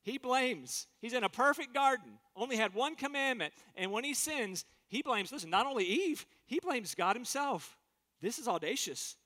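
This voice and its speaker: Bright-voiced preacher in a reverberant hall. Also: male voice, very high-pitched, lively intonation, normal speed. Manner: earnest, emphatic preaching with acted-out quotes. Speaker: pastor. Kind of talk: sermon.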